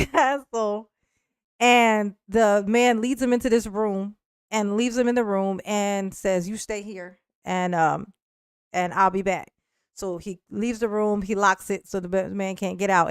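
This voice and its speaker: A woman's voice: medium pitch, fairly bright tone, clean tone, no room sound, clean studio sound. Laughing, rambling woman streamer. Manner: rambling, laughing often, frequent restarts and "like". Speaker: livestream host. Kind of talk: casual storytelling to a live chat.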